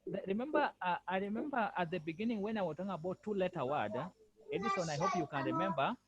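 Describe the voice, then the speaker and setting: A man's voice: sits high, expressive, quick pace, lo-fi sound, a crowd in the background. A male French language lecturer giving an online lesson over a video call, repeating himself and firmly correcting students. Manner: repetitive, firm corrections.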